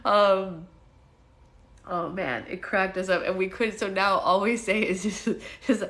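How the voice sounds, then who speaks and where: A woman hosting a daily book-club livestream, chatting casually with viewers, laughing often and slipping into quick impressions. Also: mid-range voice, steady tone, fairly bright tone. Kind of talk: casual live-stream chat and read-aloud. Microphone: phone.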